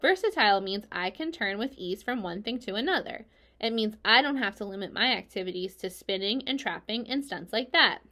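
A woman reading aloud and voicing a grown female spider who is calm, wise and self-assured, speaking in a firm, matter-of-fact way. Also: mid-range voice, brisk. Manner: matter-of-fact and firm, a bit louder than the narration.

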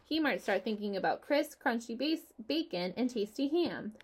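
A woman's voice: fairly high pitch, lively intonation, moderate pace, breathy edge. A woman voicing a wise, patient female spider in a storybook read-aloud, speaking earnestly and politely.

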